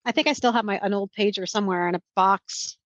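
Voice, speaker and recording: A woman's voice: medium pitch, quick pace, a bit bright, no room sound. A woman co-hosting a podcast, talking bluntly and emphatically, with plenty of swearing. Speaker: podcast co-host. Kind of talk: casual chat. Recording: dull dry lo-fi sound.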